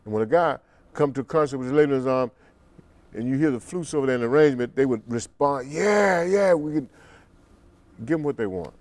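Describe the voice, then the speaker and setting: An older man, a musician guest in an interview, telling stories in an unhurried way and acting out the quotes. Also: a little mellow, no room sound. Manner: deep, unhurried storyteller who acts out quotes. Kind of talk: relaxed storytelling interview.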